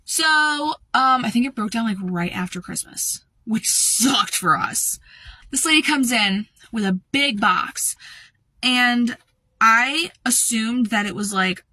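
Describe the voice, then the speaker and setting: A young woman recounts a work story in a loose, chatty ramble, packed with "like" and "um." Her voice is bright and forward. The recording is dry and close, with no room sound. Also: a little high, no room sound. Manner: casual and rambling, full of fillers like "like" and "um". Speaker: retail worker. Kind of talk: storytime vlog.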